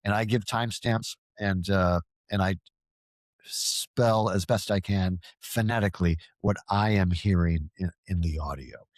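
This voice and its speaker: In a dry recording, a deep-voiced paranormal field researcher chats a little slowly as a podcast guest. He comes across as earnest and rambling, repeatedly stammering and restarting his sentences.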